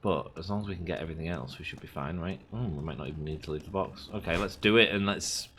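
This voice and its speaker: A man in his thirties chats loosely over his gameplay, drifting from one rambling story to the next. His voice is bright and forward, a little under the weather, with a faint hum of noise behind him. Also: low-pitched, animated, fast talker, few pauses. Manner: rambling, chatty, oversharing anecdotes. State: sick. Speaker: gaming channel host. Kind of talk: casual let's play commentary.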